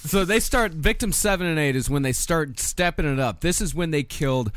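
Man, podcast storyteller, matter-of-fact, slightly high voice, dry close mic. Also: expressive, brisk, fairly bright tone, no echo. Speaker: podcast co-host telling the case.

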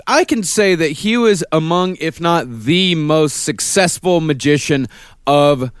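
A man co-hosting a podcast, pressing his points with emphasis and ribbing his co-hosts. His voice is a little high. The recording is dry and close. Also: measured pace, clear, resonant tone, dry recording. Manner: teasing, makes points with emphasis. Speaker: podcast co-host. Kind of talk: casual chat.

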